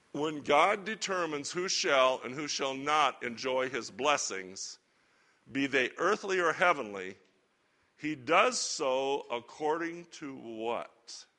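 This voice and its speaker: A man teaching a Bible lesson to a church group in a relaxed, conversational sermon style with chatty asides. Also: mid-range voice. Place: church or lecture hall with slides.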